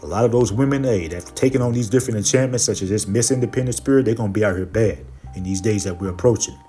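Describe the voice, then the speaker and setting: A man preaching and teaching from scripture, filling his talk with "okay" and "you know" and reading verses slowly and with more force. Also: fairly low pitch, faint music behind. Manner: reads verses slowly and louder.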